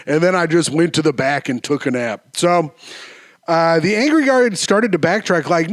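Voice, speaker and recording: A man in his thirties hosts a solo podcast, reading listener posts and riffing on them with crude, animated asides. His pitch sits a touch high for a man and jumps into sing-song bursts, and his voice is getting a bit hoarse. The sound is dry and close, with no room around it. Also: normal speed, no room sound. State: voice going hoarse. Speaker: podcast host.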